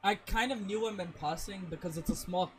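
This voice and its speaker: A young man in casual chat, telling an animated story full of swearing. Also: high-pitched, fairly quick, a loud crowd, rough recording.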